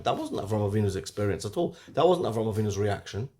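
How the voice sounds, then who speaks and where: A man gives a weekly Torah lesson in a fairly low voice at a quick pace. He's lively, poses rhetorical questions, and swings between loud and hushed.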